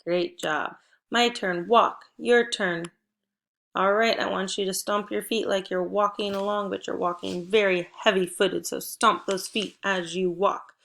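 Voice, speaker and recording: A woman teaching a phonics lesson to first graders, giving slow, clear prompts with pauses between them. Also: medium pitch, fairly even intonation, a bit bright.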